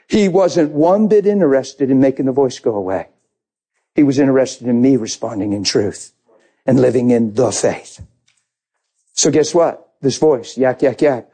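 A male preacher delivers a heartfelt sermon in a dark, mellow tone. His voice is husky and a little rough around the edges. He tells his testimony with animated passion. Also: mid-range voice, normal speed.

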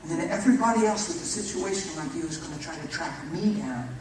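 Man, pastor, animated sermon storytelling, distant mic, noisy background. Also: on the high side, fast. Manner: animated storyteller, acts out dialogue. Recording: echoey hall, far from the mic, noisy.

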